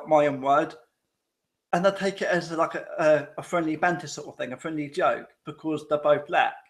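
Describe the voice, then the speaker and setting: A man's voice: a little high, creaky, a bit bright. A man hosting a casual live-stream chat, rambling and often restarting his sentences while checking in with viewers. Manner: rambling, repetitive, frequent restarts; addresses viewers directly with tag questions.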